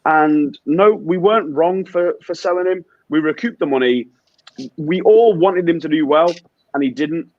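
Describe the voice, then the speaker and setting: A young man with a slightly raised voice talks fast and excitably, swearing freely. The sound is dry and a little dull, with no room around it. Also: on the high side, no room sound. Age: young adult. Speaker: co-host. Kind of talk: casual chat.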